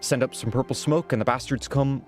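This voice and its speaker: Hired spearman, Irish lilt, rough and plain-spoken, as a streamer reads him with stumbles; medium voice over quiet game music. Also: mid-range voice, steady tone, lightly acted. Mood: gossipy. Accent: put-on Irish. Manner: halting, stumbling over lines. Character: rough-spoken male soldier for hire.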